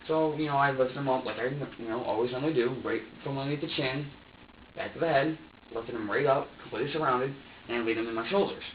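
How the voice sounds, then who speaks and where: A young man in his twenties talks in a halting, profane ramble while being questioned. He is picked up from across an echoey interview room. The recording is dull and muffled, with a faint hum of ambience behind him. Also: medium pitch, far from the mic. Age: 20s. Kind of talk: police interrogation statement.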